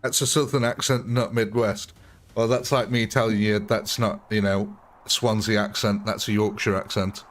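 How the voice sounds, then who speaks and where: A man's voice: on the low side, level tone, normal speed. Chatty guy streaming a game. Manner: chatty, chuckling, answers chat. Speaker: gaming livestream host. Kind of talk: casual live-stream chat.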